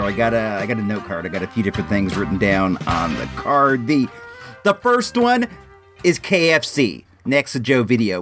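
A man hosting a podcast, telling casual stories in a chatty, animated way, often restarting his sentences. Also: medium pitch. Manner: chatty and animated, frequent restarts, acts out voices in anecdotes. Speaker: podcast host. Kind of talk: casual storytelling monologue.

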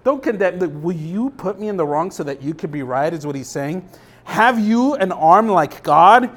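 Young man, pastor, sermon, high voice, casual check-ins, emphatic scripture reading. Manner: conversational, checks in with the congregation often; reads scripture aloud with rising emphasis.

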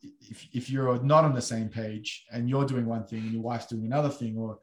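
A man's voice: medium pitch, normal speed, roomy sound. A man from Australia with an Australian accent, in casual discussion, telling stories with lots of fillers and bursts of emphasis. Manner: animated storytelling with many fillers.

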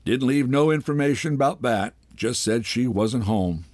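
A man voicing an elderly male butler who answers in a flat, matter-of-fact way. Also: mid-range voice, moderate pace, no room sound, pitched above the performer's own voice, close to an everyday voice.

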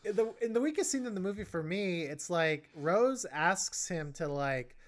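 A woman's voice: on the low side, animated, normal speed. A woman co-hosting a casual movie review podcast, rambling with many restarts. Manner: rambling, frequent restarts and laughs. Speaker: podcast co-host.

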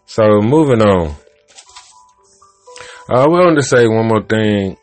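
A man's voice: lowish voice, lively intonation, takes it slowly, long pauses, soft background music. A man hosting a podcast, casually telling an old joke in a rambling, profane way that keeps interrupting itself. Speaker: podcast host.

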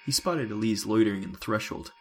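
A man reading a science fiction audiobook in a measured, descriptive way. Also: fairly low pitch, creaky, fairly bright tone, slight background noise, poor audio. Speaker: narrator. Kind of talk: scripted sci-fi audiobook narration. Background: music.

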